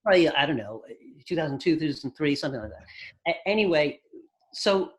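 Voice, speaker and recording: A man telling stories from his music career as an interview guest, relaxed, with dry humor. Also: fairly high pitch, a little fast, husky. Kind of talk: casual interview storytelling.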